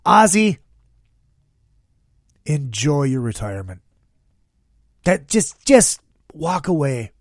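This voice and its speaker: A man hosting a casual podcast, talking in a profane, excitable, jokey way. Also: a little high, takes it slowly, pauses often, no echo, clean studio sound. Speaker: podcast host.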